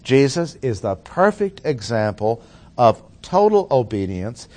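Deliberate male preacher, mid-pitched. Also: very animated, darkish tone. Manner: deliberate, emphatic, slows on key phrases. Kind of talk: expository sermon.

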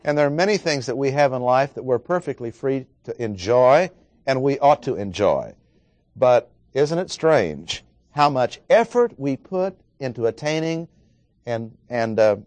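A man preaching an expository sermon, working through verses and stressing key words with slow, dramatic pauses. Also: mid-range voice, animated, a little mellow, no echo.

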